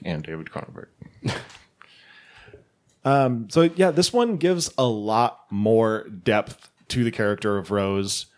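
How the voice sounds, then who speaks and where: Male podcast panelist, low voice, loose filler-heavy storytelling. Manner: rambling, filler-heavy, laughs often. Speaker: podcast panelist recapping a film. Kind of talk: casual podcast chat.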